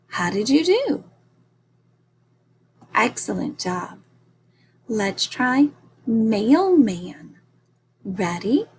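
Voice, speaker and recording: A woman teacher giving a recorded phonics lesson to young children, slow and encouraging as she sounds out each part of a word. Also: fairly high pitch, very animated, darkish tone, husky.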